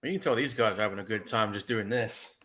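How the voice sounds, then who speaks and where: A man co-hosting a casual movie commentary podcast, laid-back and profane, quick to laugh along. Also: fairly low pitch, bright, forceful tone. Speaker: podcast co-host.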